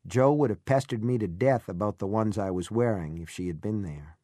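A man reading a first-person audiobook in a measured, reflective way. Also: on the low side, mellow, no echo, clean studio sound. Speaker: audiobook narrator.

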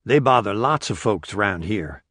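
A man's voice: on the low side, animated, a little slow, a bit bright, breathy edge, no room sound, studio quality, heavily acted. A man voicing an adult male reporter who asks friendly, offhand questions. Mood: casual.

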